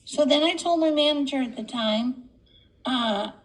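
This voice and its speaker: A woman telling a lively anecdote on a video call, acting out the people she quotes. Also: high voice, measured pace, rough recording. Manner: bubbly, quoting others in voices. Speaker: guest speaker. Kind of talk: storytelling anecdote.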